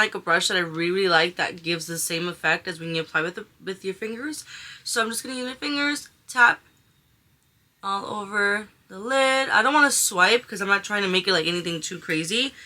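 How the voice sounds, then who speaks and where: A woman's voice: mid-range voice, sharp tone. A young woman chatting casually through a makeup tutorial, gushing over colors and sprinkling in slang. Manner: chatty, gushing, uses slang like "she is giving". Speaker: beauty vlogger.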